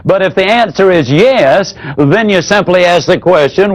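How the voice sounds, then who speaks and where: A man teaching a sales training seminar in a folksy, demonstrative way. He drops his voice low whenever he acts out an example. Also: animated, normal speed, rough recording.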